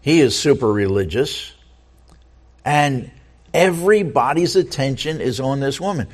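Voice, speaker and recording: A man's voice: mid-range voice, animated, a little slow. A man preaching a sermon, reading scripture aloud and asking the listeners earnest rhetorical questions, often stumbling and repeating words as he goes.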